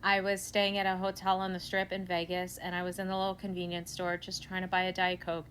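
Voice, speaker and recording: Brief: American woman, lowish voice, lively storyteller, faint room hiss. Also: fairly quick. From United States. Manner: animated storyteller, acts out quotes. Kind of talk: casual anecdote.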